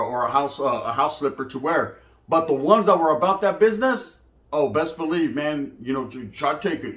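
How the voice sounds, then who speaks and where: A man telling prison stories in casual slang, animated, often acting out quoted voices. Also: fairly high pitch. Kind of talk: casual storytelling monologue. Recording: echoey room.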